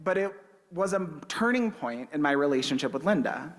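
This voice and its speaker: A man's voice: on the high side, animated, normal speed. Young man preaching in a reverberant sanctuary. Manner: conversational, personal storytelling with light humor. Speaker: minister. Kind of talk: storytelling sermon. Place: church sanctuary.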